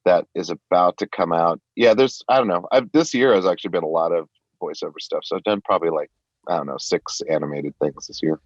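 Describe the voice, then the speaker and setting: A man's voice: low-pitched, brisk, dry recording, dull audio. A man guesting on a podcast, chatting casually and playfully, laughing often and sliding in and out of put-on accents. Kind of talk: casual interview chat.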